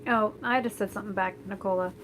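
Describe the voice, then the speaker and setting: A young woman from Florida, a vlogger, talks fast in a mid-range, fairly bright voice with fairly even intonation, chatting to camera at home while doing her hair and reading live chat. Her talk is blunt and rambling, packed with fillers and restarts, over poor audio with a little hiss or hum.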